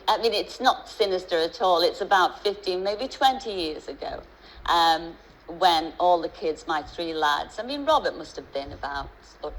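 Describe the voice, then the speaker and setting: A middle-aged woman with a deep voice and a Liverpool accent appears as a guest on a chat show. She tells stories in a chatty way, full of restarts and asides, and the recording quality is low.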